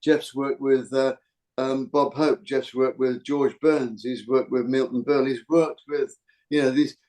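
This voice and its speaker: A man's voice: mid-range voice, fairly even intonation, a little slow, a little mellow. A man from the UK hosting a podcast, chatting casually and rambling with frequent restarts. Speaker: podcast host. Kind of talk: casual chat.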